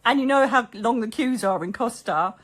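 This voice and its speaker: A British woman, a psychic medium, telling stories to her viewers in a chatty, animated, colloquial way. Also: on the high side, moderate pace. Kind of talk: casual storytelling to viewers.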